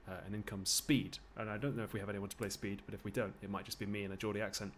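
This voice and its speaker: The host of a live charity stream making quick, delighted asides between readings. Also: deep voice, level tone.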